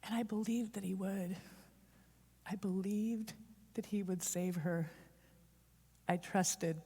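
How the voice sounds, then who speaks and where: A woman delivers a storytelling sermon in a church, her voice carrying a long echo through the hall. She speaks in a heartfelt, confessional way, with a middle pitch. She rushes some phrases and lingers on others for emphasis. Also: fairly even intonation, warm tone, slightly rough. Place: church sanctuary. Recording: long reverb of a large hall.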